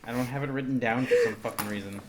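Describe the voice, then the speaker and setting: Male player, mid-pitched, easygoing, joking, faint background ambience. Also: fast, background noise. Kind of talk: casual tabletop game chat.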